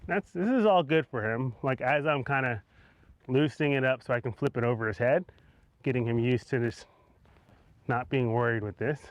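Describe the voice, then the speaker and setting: A man, a horse trainer, explaining what he is doing as he works a horse with a rope, calm and coaxing, with soft words of praise between steps. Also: medium pitch, moderate pace, muffled recording. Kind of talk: instructional demonstration.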